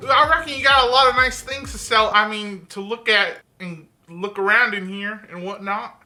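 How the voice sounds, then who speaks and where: A woman's voice: mid-range voice, moderate pace, music in the background, natural voice. A woman putting on a teasing Texan drawl for a poor teenage girl. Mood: mocking drawl. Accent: put-on Texan drawl. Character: twangy poor teen girl mocking rich kids.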